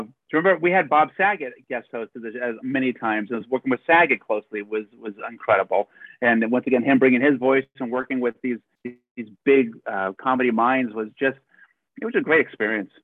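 A man hosting a casual interview, chatty and reminiscing, quick to laugh. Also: mid-range voice, no room sound. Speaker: podcast host. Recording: tinny phone-like line.

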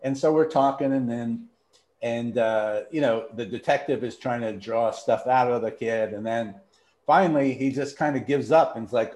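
A man's voice: medium pitch, normal speed, a little mellow. A man telling long rambling anecdotes in casual conversation, acting out the people he quotes and laughing as he goes. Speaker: podcast guest, TV writer and showrunner. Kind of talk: casual storytelling chat. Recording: roomy echo.

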